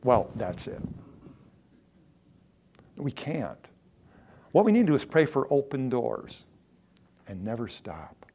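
A male pastor giving a conversational sermon, slowing down to stress key words, then closing in prayer. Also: medium pitch, very animated, warm tone, slight background noise. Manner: conversational preaching with emphatic slow stresses.

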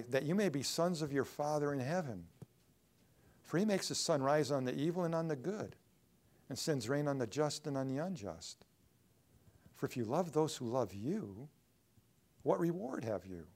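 A male pastor preaching from the pulpit. He jumps into high, loud acted-out pleas, then sinks low and quiet for reflective passages. The delivery is dramatic and full of feeling. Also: lively intonation, moderate pace, pauses often. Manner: dramatic, acts out quoted pleas in a raised voice. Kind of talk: sermon.

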